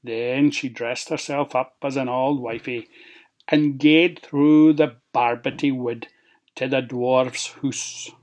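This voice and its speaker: A storyteller with a Scots accent, reading a fairy tale aloud with lively expression. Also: mid-range voice. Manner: expressive, lilting, slow.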